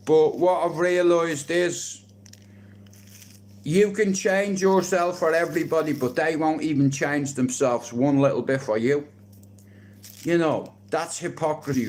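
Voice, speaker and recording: A man's voice: fairly high pitch, a little mellow. Blunt, swearing Irish man streaming live. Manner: emotional, blunt, swearing, heart-on-sleeve. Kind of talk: rambling personal live stream. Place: garden shed.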